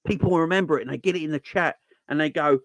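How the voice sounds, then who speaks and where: A man's voice: a little high, quick pace, no room sound. A man hosting a football channel's live stream Q&A, chatting casually and earnestly, repeating phrases for emphasis as he makes his points.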